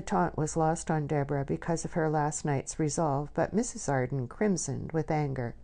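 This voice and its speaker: A woman reading a novel aloud in measured, scripted narration. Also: sits low, gravelly, mellow. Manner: measured storytelling. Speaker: audiobook narrator.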